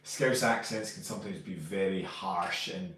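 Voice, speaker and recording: A man's voice: deep voice, moderate pace, fairly bright tone, heavy reverb, far from the mic. A Scottish man co-hosting a casual live stream, chatting and greeting viewers by name as he reads their comments. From Scotland.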